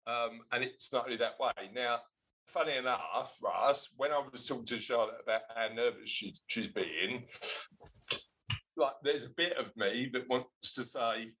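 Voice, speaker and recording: A man's voice: mid-range voice, unhurried, sharp tone, slight background noise, poor audio. A man hosting a podcast in casual chat, talking in a chatty, teasing way with frequent laughs. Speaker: podcast host.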